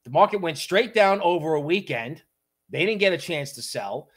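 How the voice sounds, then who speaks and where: A man hosting a casual livestream on markets, talking in an animated, joking storytelling way. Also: a little high, moderate pace. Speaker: crypto market livestream host.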